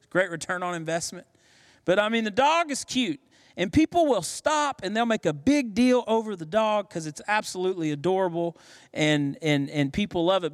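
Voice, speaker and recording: Preacher man in an echoing hall. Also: high-pitched. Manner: animated storytelling with acted voices. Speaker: pastor. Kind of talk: sermon. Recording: long hall reverb.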